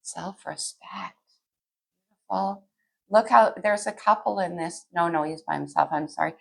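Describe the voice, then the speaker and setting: A woman's voice: fairly low pitch, fairly even intonation, normal speed, creaky. A woman giving a casual tarot reading to camera, chatty and a little scattered, thinking aloud as she pulls cards. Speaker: tarot reader.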